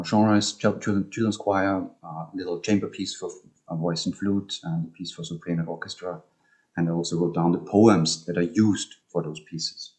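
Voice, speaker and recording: A man's voice: low-pitched, a little mellow. A man giving an online academic talk on music and poetry, speaking hesitantly with many ums and restarts over a video call.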